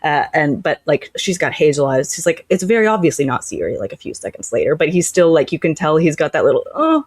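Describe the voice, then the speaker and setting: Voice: medium pitch, sing-song, brisk, slightly rough, no room sound. A podcast co-host in a casual book-club discussion, enthusiastic and heavy on fillers.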